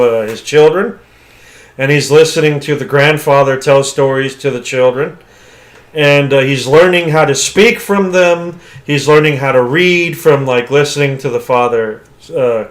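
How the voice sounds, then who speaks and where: A man co-hosting a podcast, casually retelling a movie plot in a rambling way, with frequent "like" fillers. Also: a little high. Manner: rambling retelling, heavy use of "like". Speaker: podcast co-host.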